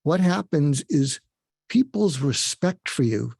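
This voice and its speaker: Gravelly-voiced man on a panel. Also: a little high, expressive, slow pace, a little mellow, dry recording, studio quality. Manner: acts out short quoted exchanges in a raised voice; explains steadily with many fillers and restarts. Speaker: expert panelist. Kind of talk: panel discussion explanation.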